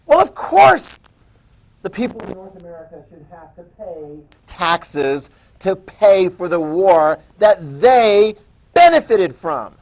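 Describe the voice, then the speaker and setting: A man voicing indignant British lawmakers, pitched high and emphatic. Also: big pitch swings, slow pace, pauses often, full character voice, rough recording.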